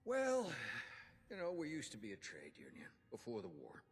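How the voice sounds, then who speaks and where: A proud, folksy old union inventor in a video game, his voice rising and falling with lively swings. There is a husky edge to it, and long reverb trails after each line. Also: medium pitch, moderate pace, full character voice. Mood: earnest. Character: gruff older male union inventor and quartermaster. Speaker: game character giving quest dialogue.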